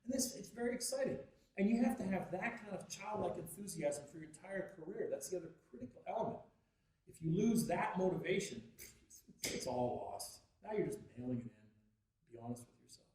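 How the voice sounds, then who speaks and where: A Canadian man giving a lively, jokey workshop talk on music and practice, telling stories and acting out voices. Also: fairly quick. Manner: animated, jokey, acts out voices with big pitch jumps. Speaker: guest teacher at a music workshop. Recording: very echoey hall, distant mic.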